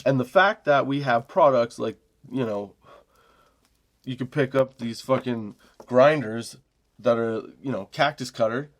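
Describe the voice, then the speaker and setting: A man in his forties rants his way through a story in a casual, profane voice, breaking into laughter again and again. He drops into quick imitations of the people he describes. His pitch sits right in the ordinary middle for a man. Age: 40s. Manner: profane, laughing often, mimics customers. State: high. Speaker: comedy podcast host.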